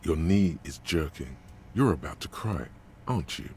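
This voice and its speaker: A man voicing a brooding inner voice of the mind that narrates slowly and intensely. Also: very deep voice, animated, darkish tone, slight background noise. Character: ominous male inner voice of the mind. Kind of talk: fan voice acting of a game.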